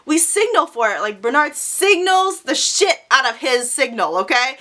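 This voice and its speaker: High, bright-voiced young woman. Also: moderate pace. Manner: animated, profane, dramatic storytelling. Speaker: vlogger. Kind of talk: storytime vlog.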